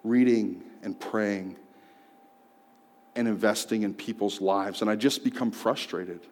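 A man telling a personal story in a sermon, swinging from loud outbursts to hushed tones. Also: on the low side, unhurried. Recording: long hall reverb.

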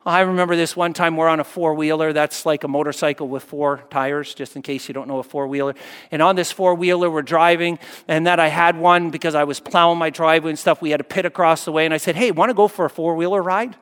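A pastor preaching a sermon in an emphatic, repetitive cadence, swelling up and then dropping soft. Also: male voice, a little high, fairly even intonation, quick pace, clear, resonant tone, big-room sound.

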